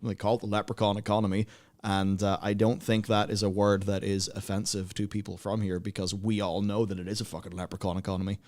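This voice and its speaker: A man's voice: on the low side, flat delivery, quick pace, a little mellow. A man, co-hosting a livestream in casual, rambling, sardonic chat full of fillers. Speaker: livestream co-host.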